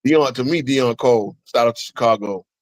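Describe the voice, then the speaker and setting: A man co-hosting a live sports watch-along, chatting casually and getting excited when plays go wrong. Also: normal speed, no room sound, poor audio. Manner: excitable, jumps up in pitch when frustrated. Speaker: live stream co-host.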